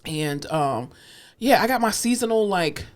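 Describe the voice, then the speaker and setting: A woman's voice: mid-range voice, unhurried. A woman co-hosting a podcast, telling stories in casual chat, acting out other people's voices and swearing freely. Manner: animated storyteller, acts out voices, swears freely. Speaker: podcast co-host.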